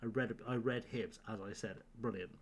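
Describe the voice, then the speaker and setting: A man's voice: fairly low pitch, steady tone, normal speed. A man chatting casually and tiredly at home on a late-night game stream, joking with his chat and laughing often. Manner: joking banter with chat, frequent laughter, rambling. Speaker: live-streaming gamer.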